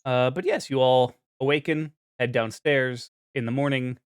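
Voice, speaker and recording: A man's voice: medium pitch, fairly even intonation, normal speed, clean tone, no echo, clean studio sound. A young man narrating as game master, rambling with fillers and restarts.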